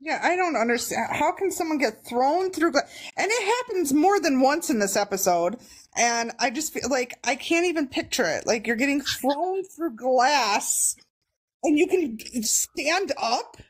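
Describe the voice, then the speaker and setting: A woman co-hosting a casual podcast, reacting with incredulous, expressive exclamations. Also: high voice, a little slow. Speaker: podcast co-host. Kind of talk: casual chat.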